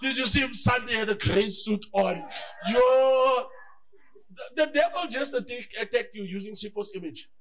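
A male pastor preaching a lively sermon, moving between shouts and hushed asides and acting out conversations in his stories. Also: very high-pitched, normal speed. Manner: acts out dialogue in his stories.

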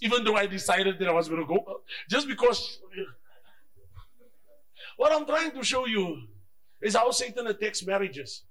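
A man preaching with a bright, high and wildly lively voice. He swings from loud bursts to quiet asides and acts out little conversations as he delivers his sermon. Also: normal speed. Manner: animated, shifts between shouting and hushed asides; acts out dialogue in his stories. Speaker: pastor.

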